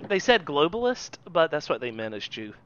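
Male podcast cohost, bright edgy tone, sarcastic, dull lo-fi recording. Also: on the high side, sing-song, no room sound. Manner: wry, sarcastic, quick asides. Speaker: podcast co-host. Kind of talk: casual chat. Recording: dull lo-fi sound.

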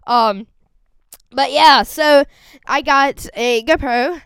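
A teenage girl chatting casually on a podcast, rambling and excitable, with a voice that cracks. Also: high voice, takes it slowly, no room sound. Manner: rambling and excitable, lots of fillers. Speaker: vlogger.

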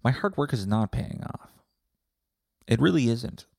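A man's voice: mid-range voice, animated, unhurried, creaky, darkish tone, slightly rough, dry recording. A man hosting a podcast, ranting with sarcasm, swearing often and rambling. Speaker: podcast host. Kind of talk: comedic profane rant.

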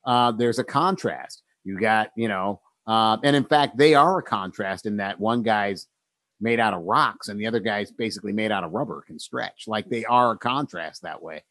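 A man's voice: lowish voice, a bit bright, no echo. A thoughtful man chatting about writing. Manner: thoughtful, with many pauses and ums, laughs easily. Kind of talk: casual conversation about writing.

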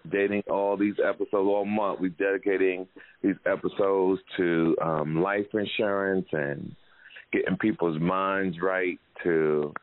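Deep-voiced podcast host guy, cussing and doing voices, sounds like a phone line. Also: measured pace. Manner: loose, profane storytelling with animated quoted voices. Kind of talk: casual podcast chat.

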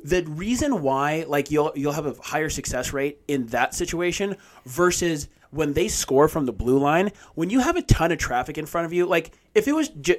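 A man's voice: on the high side, darkish tone. A man co-hosting a podcast in casual chat, rambling with lots of fillers and some swearing. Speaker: podcast co-host.

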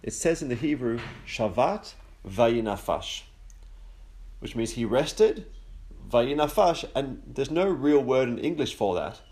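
Man giving a measured Sabbath talk. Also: mid-range voice, lively intonation, dark tone. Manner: measured, slows down to stress key words and builds through long lists. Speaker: podcast host teaching on the Sabbath. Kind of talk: relaxed religious teaching with an opening joke.

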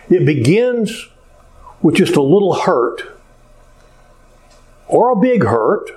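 Pastor guy preaching, lively storytelling voice, kinda high, lots of uh's. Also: low-quality recording. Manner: animated storytelling with frequent "uh" fillers. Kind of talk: sermon.

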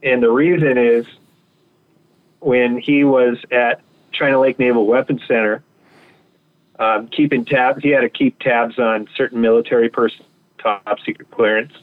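A man's voice: mid-range voice, steady tone, normal speed, no echo. A male guest telling stories in a rambling, casual way. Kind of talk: anecdotal storytelling. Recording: tinny phone line.

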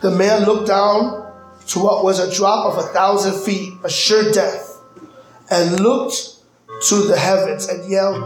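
Brief: male pastor, high voice, fervent sermon delivery, echoey sanctuary with soft keys behind. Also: fairly even intonation. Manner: preaching with dramatic pauses and rising emphasis. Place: church sanctuary. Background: soft keyboard music.

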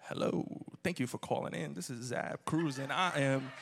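A man mimicking a friend's smooth, gushing R&B-style phone voice, in a church hall. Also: medium pitch, moderate pace, a bit bright, slight background noise. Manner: gushing, crooning.

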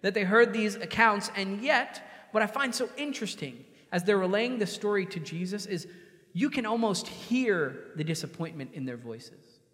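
A man preaches in an easy, conversational way, now and then slipping into the voices of the people he quotes. His voice sits high for a man. It rings out with the long reverb of a big hall. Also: expressive, normal speed, fairly bright tone. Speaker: pastor. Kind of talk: sermon.

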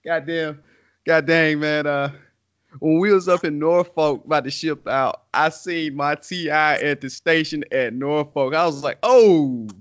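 A man's voice: on the high side, steady tone, unhurried, a bit bright, clean tone. A man co-hosting a casual chat, talking loosely with lots of fillers and slang. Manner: loose, rambling talk with many fillers and slang. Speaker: podcast co-host. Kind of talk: casual conversation. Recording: dull lo-fi audio.

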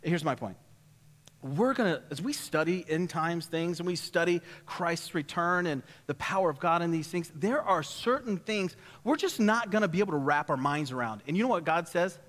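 A man preaching a sermon in a church, animated and lively, acting out voices and laughing as he goes. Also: on the high side, moderate pace, big-room sound. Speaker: pastor.

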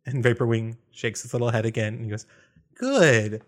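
A man's voice: medium pitch, flat delivery, fast talker. Guy game-mastering a tabletop game, easygoing, lots of uhs and laughs. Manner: laughs often, many fillers.

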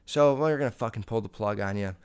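Crude rambling young man, smooth voice. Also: fairly low pitch, fairly quick, darkish tone. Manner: crude, rambling, swears often. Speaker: podcast host. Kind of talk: casual solo podcast, answering listener questions.

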